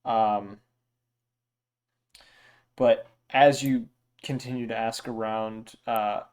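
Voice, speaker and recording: Smooth-voiced man running a tabletop game. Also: fairly low pitch, fairly even intonation, darkish tone. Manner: halting, filler-heavy narration. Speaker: game master.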